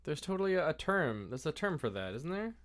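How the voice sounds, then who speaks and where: A man's voice: on the high side, sing-song, brisk. A man co-hosting a podcast, chatting casually about movies in a playful way and laughing easily. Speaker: podcast co-host.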